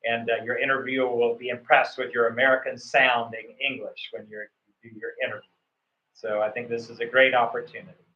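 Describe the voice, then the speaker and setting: A man's voice: mid-range voice, little pitch movement, brisk. A man coaching students for a visa interview, rambling with many fillers and restarts. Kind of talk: coaching on a call. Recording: echoey, muffled room sound.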